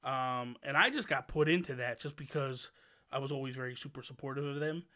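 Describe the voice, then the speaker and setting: A man hosting a casual livestream chat, an animated and long-winded storyteller who wanders off on tangents. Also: medium pitch, a little fast. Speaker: show host.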